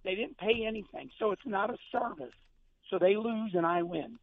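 A man's voice: sits high, normal speed. A middle-aged man, a former race driver, talking as a guest on a radio show in an emphatic, folksy way, repeating words and restarting sentences. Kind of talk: casual radio chat. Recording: tinny phone line.

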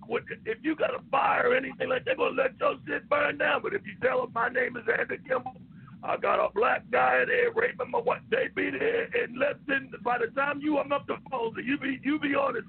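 A man co-hosting a talk radio show over the phone, loose and animated. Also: extremely high pitch, creaky, a little hiss or hum. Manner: loose, animated, laughs loudly. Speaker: radio co-host. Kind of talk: casual talk radio banter. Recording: tinny phone line.

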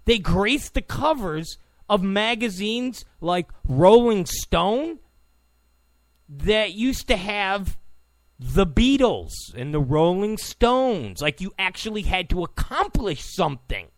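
A man's voice: high-pitched, big pitch swings, slow, dry recording. A man hosting a political talk show, delivering an opinionated, sarcastic monologue full of stammering restarts.

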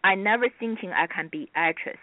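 A woman from China with a Chinese accent, whose first language is Mandarin, being interviewed as a guest actress on radio; she talks haltingly and restarts often, in simple non-native grammar. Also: mid-range voice, dry recording. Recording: dry, tinny phone line.

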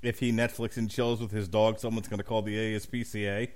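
Male podcast host; jokey, quick to laugh and play at outrage. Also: lowish voice, little pitch movement, background noise. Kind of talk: casual chat.

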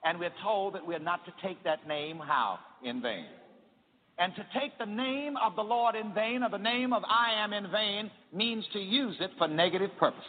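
Emphatic male preacher, high voice, call-and-response sermon, reverberant hall, faint hiss. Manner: emphatic, leads the crowd in repeating phrases. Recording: tinny echoey hall recording with faint hiss.

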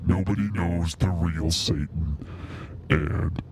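A man's voice: low-pitched, takes it slowly, a little mellow, slight background noise, pitched below the performer's own voice. A man through a voice modulator as whiny Satan. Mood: self-pitying. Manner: complaining, self-pitying. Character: whiny, insecure Satan, male devil. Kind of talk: comic bit on a podcast.

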